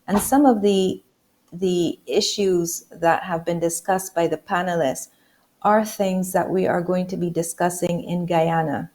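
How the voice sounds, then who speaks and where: A woman moderating a video-call webinar, polite and measured, with some fillers. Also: fairly low pitch, steady tone, darkish tone.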